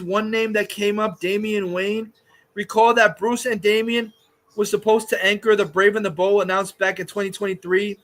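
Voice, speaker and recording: High bright heated ranting man. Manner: profane, heated, frequent filler pauses. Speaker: commentary streamer reading chat. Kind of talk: casual ranting commentary.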